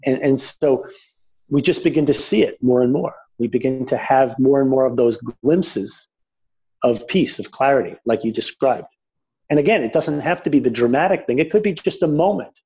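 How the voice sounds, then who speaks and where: A man speaking as a spiritual teacher in a reflective conversation, gentle and searching, often restarting his sentences. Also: medium pitch, moderate pace, slightly rough. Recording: dull lo-fi sound.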